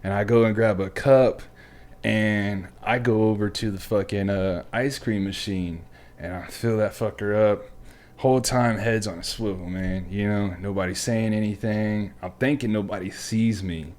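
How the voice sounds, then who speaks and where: A podcast host with a fairly low, steady, slightly mellow voice tells stories at a moderate pace in a laid-back chat. He swears freely and keeps calling his guest "man" and "dude."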